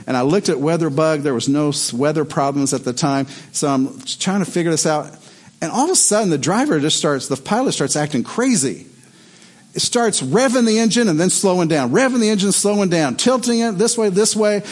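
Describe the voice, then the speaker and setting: Animated, high-voiced male pastor preaching. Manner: animated storytelling, voice rising in excitement. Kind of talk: sermon.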